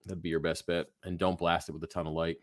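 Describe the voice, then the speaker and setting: Man, very low voice, dry close sound, tired, phlegmy, laid-back rambling live Q&A host. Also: flat delivery, quick pace, dry recording. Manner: laid-back, rambling, swears freely, many fillers. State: tired, yawning, phlegmy throat. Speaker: aquarium livestream host. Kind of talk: casual live Q&A, reading chat questions.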